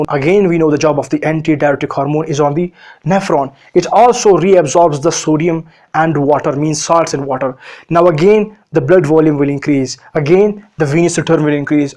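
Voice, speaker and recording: A man's voice: fairly high pitch, darkish tone. A man giving a recorded medical physiology lecture, explaining step by step, asking himself questions and answering them, with frequent fillers.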